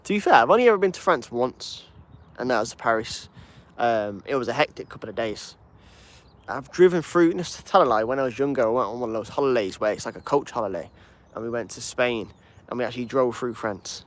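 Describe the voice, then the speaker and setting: A man's voice: medium pitch, lively intonation, a little fast. Easygoing Birmingham-accented man. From England. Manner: chatty and easygoing, reading and answering chat. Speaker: plane-spotting livestream host. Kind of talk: casual live commentary, chatting with viewers.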